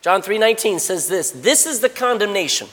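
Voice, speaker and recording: A middle-aged man delivers a sermon to young listeners in a big hall. His voice sits high and swoops constantly, shifting from quiet, close asides to forceful exhortation. A long reverb tail follows his words around the room. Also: brisk. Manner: animated, swings from low murmurs to loud exhortation. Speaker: preacher at a youth camp.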